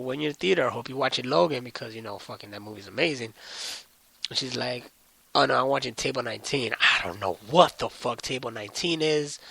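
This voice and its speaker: A young man hosting his own podcast, telling a story as a profane, animated solo rant. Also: medium pitch, vocal fry, husky, no echo. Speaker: podcast host.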